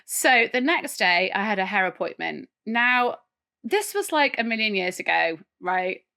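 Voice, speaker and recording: A woman co-hosting a podcast, telling a funny story in casual chat, animated and often laughing. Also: medium pitch, a little slow, gravelly. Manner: animated, laughing, tells stories with voiced asides. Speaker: podcast co-host.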